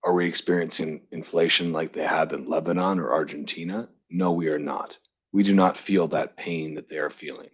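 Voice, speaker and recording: A man's voice: extremely low pitch, steady tone, normal speed, husky, dull audio. A man co-hosting a live online audio talk, ranting emphatically and swearing freely. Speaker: podcast co-host. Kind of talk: impassioned live audio chat.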